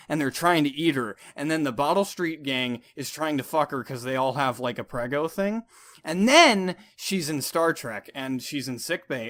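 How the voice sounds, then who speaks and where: A man's voice: a little high, a bit bright. A man giving a sarcastic, profane, exasperated movie review. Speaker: film reviewer.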